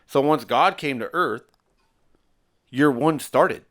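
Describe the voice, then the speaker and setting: A man's voice: mid-range voice, takes it slowly, fairly bright tone. A middle-aged man, a father co-hosting a podcast, thinking aloud in rambling casual chat at home. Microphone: stand mic.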